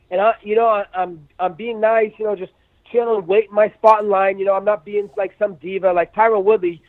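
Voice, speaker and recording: A man's voice: sits high, fairly even intonation, a little fast, no room sound. A man in his thirties, an MMA fighter giving a phone interview, brash and profane, acting out quotes in a raised voice. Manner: brash, profane trash talk. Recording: dry tinny phone line.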